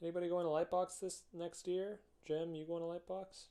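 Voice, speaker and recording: A young man casually chatting with viewers while drawing on a live stream, relaxed and joking, his heavy breathing audible on a close mic. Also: high-pitched, brisk, clean tone.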